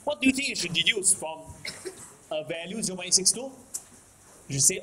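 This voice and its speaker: A Singaporean man lectures on math in a fairly high voice that swings widely in pitch. He repeats himself for emphasis and keeps checking that students follow. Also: sing-song, fairly quick, long pauses, bright, forceful tone, slight background noise, low-quality recording. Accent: Singaporean English. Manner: repetitive, keeps checking in with "okay? can?". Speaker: math teacher. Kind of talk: classroom lecture.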